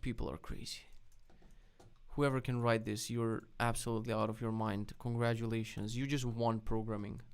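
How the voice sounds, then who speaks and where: A young man hosting a live stream about web development, reacting excitedly to links and swearing often with loud outbursts. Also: mid-range voice, clean tone. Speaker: streamer host.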